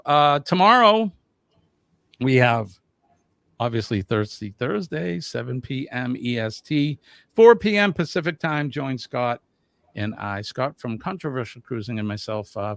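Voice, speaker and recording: A man co-hosting a casual livestream chat, lively and quick to laugh. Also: mid-range voice, creaky, no room sound. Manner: lively, laughs often, drawn-out banter. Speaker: livestream co-host.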